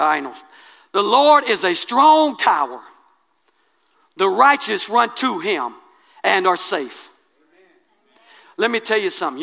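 A man preaching a sermon, colloquial and impassioned, swinging from hushed asides to loud declarations. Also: high-pitched, vocal fry.

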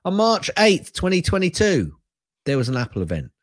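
A man's voice: sits high, huge pitch swings, a little fast, no room sound. An older man co-hosting a casual tech podcast, wry and given to ranting, laughing often as he talks. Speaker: podcast co-host.

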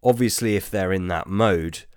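A man with a very low voice talks through listener questions in a relaxed, rambling way, full of ums and restarts. The sound is dry and close, with almost no room. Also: moderate pace, smooth, no echo. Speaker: podcast host. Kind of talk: casual chat answering listener questions.

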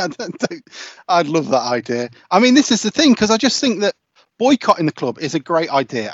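A man's voice: a little high, no room sound, lo-fi sound. A man hosting a casual football podcast, ranting and swearing in exasperation. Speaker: podcast host.

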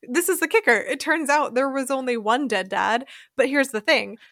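American woman, podcast co-host, bright clear tone, slightly high voice, lively exasperated storytelling. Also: moderate pace, no room sound, clean studio sound. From United States. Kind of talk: casual chat.

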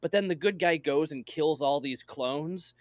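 A man's voice: fairly high pitch, a little slow, no echo, clean studio sound. A man chatting casually about films and games, telling anecdotes. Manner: chatty, storytelling with exaggerated quotes. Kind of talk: casual movie review chat.

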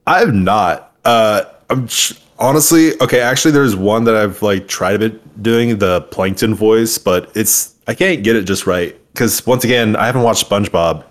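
A man's voice: fairly low pitch, normal speed, few pauses. Sarcastic young man on a podcast. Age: 20s. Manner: joking, sarcastic. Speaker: podcast co-host. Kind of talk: casual podcast banter.

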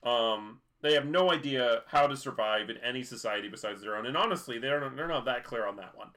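A man chats his way through an episode recap, circling back with fillers and restarts as he goes. His voice is bright and sits at an ordinary mid pitch, and his speech stays loose and conversational. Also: fairly quick. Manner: rambling, many fillers and restarts. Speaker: podcast co-host. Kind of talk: casual chat recapping an episode.

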